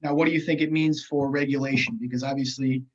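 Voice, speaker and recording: In a casual economics chat, a male podcast co-host talks quickly and earnestly with fairly even intonation, frequently getting stuck on fillers and restarts. His voice sits at a middle pitch on a somewhat dull, lo-fi recording.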